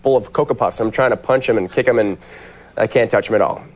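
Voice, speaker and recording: A man's voice: fairly low pitch, fast, a little mellow. A man appearing as a guest on a late-night talk show, telling rambling, goofy anecdotes. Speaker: guest actor. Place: television studio.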